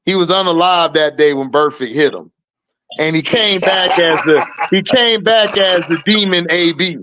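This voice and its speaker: A man hosting a casual sports talk show, animated and emphatic with lots of slang. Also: sits high, normal speed, noisy background. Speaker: podcast host.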